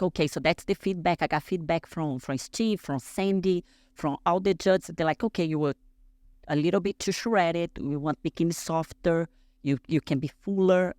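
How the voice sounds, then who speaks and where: A woman's voice: sits low, no room sound, clean studio sound. A woman in her thirties from Brazil, telling a story as a podcast guest and acting out the dialogue, full of fillers. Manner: animated, acts out dialogue, many fillers. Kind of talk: storytelling in casual conversation.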